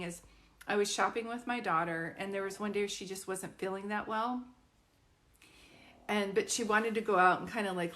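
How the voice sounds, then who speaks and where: A woman's voice: mid-range voice, fairly bright tone. A woman in her fifties, a psychic medium, telling a personal story in a chatty, earnest way with frequent fillers and restarts. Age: 50s.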